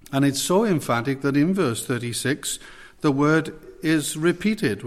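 A man's voice: mid-range voice, in a large hall. A man preaching an evening sermon, earnestly putting direct questions to his listeners.

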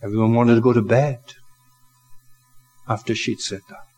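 An older man preaching a sermon, slow and reflective, building to emphatic rises. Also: mid-range voice, steady tone, a little mellow, low-quality recording. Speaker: pastor.

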